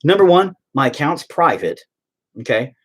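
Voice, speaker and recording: A man's voice: fairly high pitch, expressive, normal speed. A man hosting his own online show, telling a story in a profane, sarcastic, rambling rant full of fillers.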